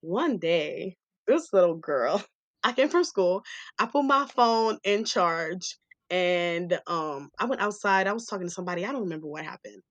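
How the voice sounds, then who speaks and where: A young woman co-hosting a podcast, telling a family story in animated casual chat, acting out the voices she quotes and laughing often. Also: fairly low pitch, moderate pace, dry recording. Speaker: podcast co-host.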